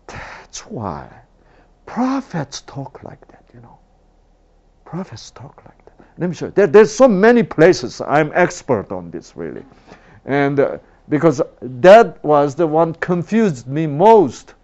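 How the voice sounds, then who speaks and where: Animated male preacher. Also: a little high, unhurried, highs cut off. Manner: animated, rhetorical questions, swings from loud to hushed. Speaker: father. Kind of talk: sermon.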